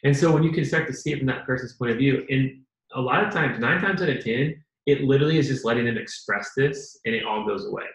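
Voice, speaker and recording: A man's voice: medium pitch, fast, vocal fry, few pauses, a bit bright. A man co-hosting a casual advice chat, talking earnestly and acting out bits of dialogue. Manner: earnest, acts out quoted dialogue. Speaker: co-host. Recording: echoey room.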